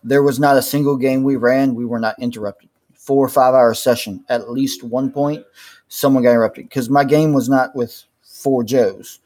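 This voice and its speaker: A man's voice: mid-range voice, fairly even intonation, normal speed, darkish tone. Laid-back man from Mississippi. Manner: laid-back, dry humor. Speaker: podcast guest. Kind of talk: casual chat.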